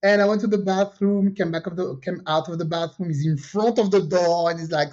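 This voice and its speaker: Woman telling a lively story. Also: on the low side, brisk, hardly any pauses. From French Caribbean. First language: French. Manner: lively storyteller who acts out quoted dialogue. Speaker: podcast co-host. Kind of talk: casual storytelling chat. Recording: dull lo-fi podcast audio.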